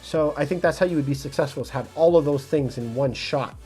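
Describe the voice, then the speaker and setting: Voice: medium pitch, fairly quick, a little mellow, husky, soft background music. A realtor from Montreal, Canada, answering viewers' comments on a phone livestream in a direct, casual, motivational way. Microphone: phone mic.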